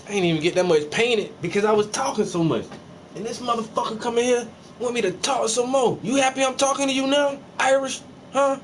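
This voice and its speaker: With a very high voice and a fairly quick pace, a man paints live and ribs his chat with crude, joking banter. A faint hum from an air conditioner sits in the background, picked up by a somewhat distant mic.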